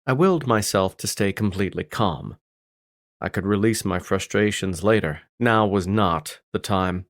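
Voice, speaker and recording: Gruff man narrating an audiobook. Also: fairly low pitch, no echo, clean studio sound. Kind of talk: first-person audiobook narration.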